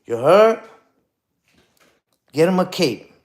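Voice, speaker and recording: A man's voice: sits high, sing-song, slow. A man streaming live, ranting and taunting in a casual way and repeating "you heard?" over and over. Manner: taunting, repetitive, peppers lines with "you heard?".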